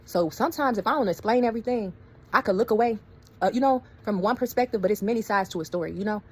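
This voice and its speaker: A woman telling a story to her viewers in a casual, animated way, acting out quoted voices. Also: medium pitch, fast talker, breathy edge. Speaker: storyteller vlogger.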